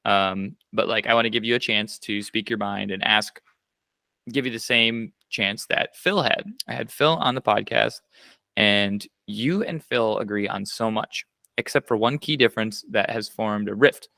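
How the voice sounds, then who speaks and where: A man's voice: on the low side, normal speed, gravelly, bright, forceful tone, no room sound. A man hosting a podcast, asking loose, conversational questions with casual fillers. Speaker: podcast host.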